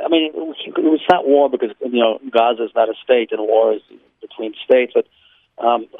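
A man's voice: medium pitch, no room sound. Man, guest on a phone line, tinny, dry sound, blunt, frank, filler ums. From Israel. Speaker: guest, law professor. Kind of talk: radio interview. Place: his home near Jerusalem.

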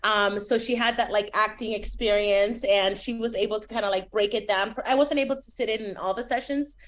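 A woman's voice: mid-range voice, a little fast. A woman in her forties from Miami, with a Miami accent, chatting as a guest in an interview with lots of fillers. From Miami, United States. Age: 40s. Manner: chatty and animated, with many fillers. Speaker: TV writer, guest.

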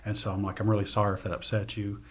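A man reading his poetry and telling stories in an interview, soft-spoken and often trailing off. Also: on the low side, completely flat delivery, very fast. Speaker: poet and interview guest.

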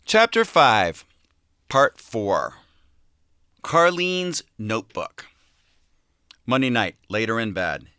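A man narrating a novel in an expressive, varied way on a close studio mic. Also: mid-range voice, slow pace, pauses often, clear, resonant tone, dry recording. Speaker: audiobook narrator.

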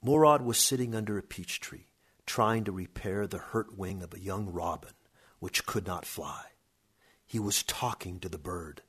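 Man narrating a story, husky, fairly low voice, measured. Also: fairly bright tone. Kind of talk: storybook reading.

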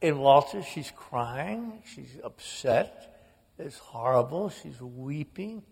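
A man's voice: mid-range voice, expressive, slow, creaky, darkish tone, husky, in a large hall. A man in his sixties, an author, telling wry, self-mocking family stories in a radio interview. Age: 60s.

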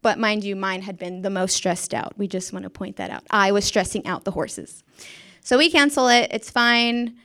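A woman's voice: medium pitch, normal speed, a bit bright. A young woman, a former schoolteacher, casually telling a story in a chatty, self-mocking way and acting out the voices of the people in it. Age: young adult. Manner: chatty, self-mocking, acts out quotes, laughs often.

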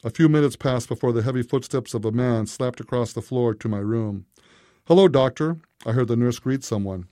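A man narrating a first-person story in a steady, unhurried way. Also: mid-range voice, no echo, studio quality.

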